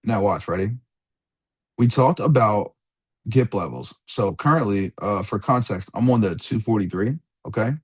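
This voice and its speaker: A young man walks through a trading lesson in a loose, rambling way, dropping slang and curses as he goes. His voice is a little husky and swings widely in pitch, sometimes rising high and sometimes dropping low. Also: animated, normal speed. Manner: laid-back slangy rambling, swears freely, calls listener dog and bro. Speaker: trading mentor. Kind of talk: casual screen-share trading lecture.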